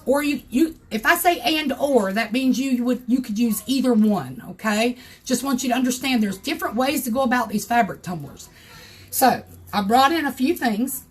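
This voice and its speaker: An older woman from South Carolina with a Southern accent, her voice hoarse, chatting in a folksy way as she hosts a crafting livestream tutorial from her home craft room. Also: high voice. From South Carolina, USA. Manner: chatty, folksy, greets viewers by name.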